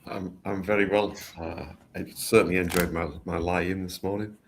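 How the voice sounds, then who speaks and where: Man, podcast co-host, relaxed, stammering restarts, faint noise behind. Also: low voice, moderate pace. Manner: easygoing, repeats words. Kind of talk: casual chat.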